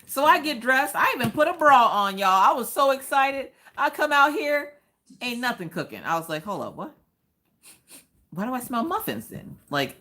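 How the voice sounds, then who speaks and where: A woman's voice: medium pitch, bright, forceful tone. A woman chatting casually to viewers during a home livestream, telling stories and acting out quotes. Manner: chatty storytelling, acts out quotes, talks to chat. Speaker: livestream crafting host.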